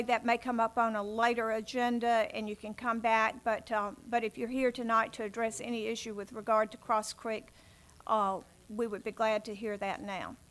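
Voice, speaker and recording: A woman's voice: a little high, a bit bright. A woman chairing a city planning commission meeting in council chambers, speaking in polite, formal procedural phrasing.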